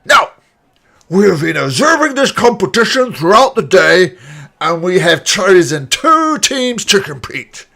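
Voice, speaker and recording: Man putting on an old orc announcer, booming. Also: sing-song, unhurried, gravelly, bright, forceful tone, heavily acted. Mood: grandiose. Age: older. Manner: booming, ceremonious proclamations. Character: elderly male orc announcer, grand and jovial.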